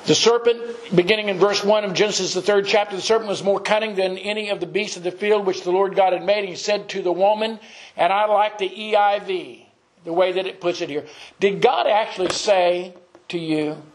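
A man preaching a morning sermon with a fairly high voice. He speaks earnestly and deliberately and slows down on the phrases he wants to stress. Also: steady tone, poor audio.

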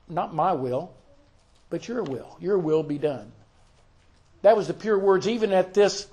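Male preacher with a high voice, slow and deliberate, reciting scripture in a sermon. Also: darkish tone.

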